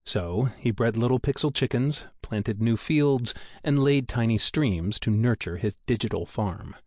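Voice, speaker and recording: A man reading a thriller audiobook aloud in a steady, measured storytelling manner, close to a studio mic. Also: fairly low pitch, no room sound. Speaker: audiobook narrator. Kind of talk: scripted narration.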